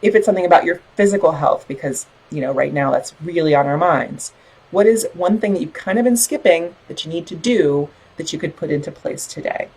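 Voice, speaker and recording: A woman's voice: low-pitched, a little fast, a little mellow, husky, rough recording. A middle-aged woman hosting a book club live stream, chatting in an encouraging way and reading out viewer comments. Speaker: podcast host leading a book club. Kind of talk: casual live-stream talk to a group.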